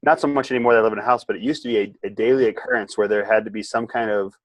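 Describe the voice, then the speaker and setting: Man calmly talking in a podcast. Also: on the low side, very fast, no echo. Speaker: guest. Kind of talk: casual conversation.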